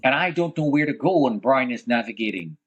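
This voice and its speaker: Husky-voiced man telling a dramatic story. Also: mid-range voice, expressive, brisk, dull audio. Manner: vivid, dramatic retelling that swings between hushed and loud; speaks with religious conviction. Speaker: survivor recounting his experience as a guest. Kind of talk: emotional first-person storytelling.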